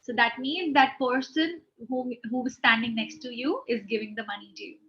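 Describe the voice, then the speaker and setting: A woman's voice: a little high, moderate pace, fairly bright tone, dull audio. A woman tutoring English in an online speaking lesson, patiently explaining step by step with frequent "okay"s. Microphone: video call.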